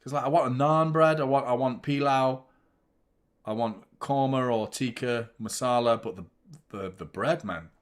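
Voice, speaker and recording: Hosting a football fan channel, a young man from the UK chats and comments live as he watches a match, bantering with viewers and swearing occasionally. He speaks casually at an ordinary middle pitch, breaking into quick bursts of commentary.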